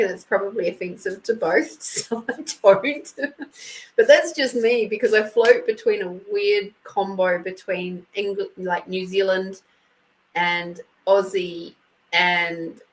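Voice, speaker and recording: A woman's voice: mid-range voice, low-quality recording. A woman hosting a casual live card reading, chatting with viewers by name and reading card texts aloud. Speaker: host and intuitive card reader.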